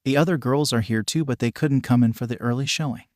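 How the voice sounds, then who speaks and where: A man voicing a bright, chipper young female student, chatty, in a fanfiction reading. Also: medium pitch, quick pace, dry recording, clean studio sound, close to an everyday voice.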